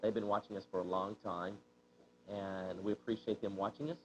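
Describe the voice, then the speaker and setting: A man's voice: on the low side, level tone, fairly quick. A man co-hosting a shopping channel, reading viewer mail and chatting easily, with many fillers. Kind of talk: casual on-air chat. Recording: dull lo-fi TV broadcast audio.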